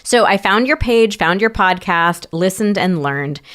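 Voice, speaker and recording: A woman's voice: medium pitch, lively intonation, a little slow, fairly bright tone. A woman co-hosting a podcast, chatting casually and reading listener messages aloud in an upbeat way. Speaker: podcast co-host.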